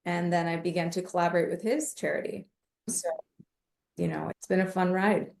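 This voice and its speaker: Woman, podcast guest, comedian, animated storyteller, slightly low pitch, roomy echo. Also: moderate pace, creaky. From United States. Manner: animated, acts out quoted voices in her stories. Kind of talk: casual interview storytelling.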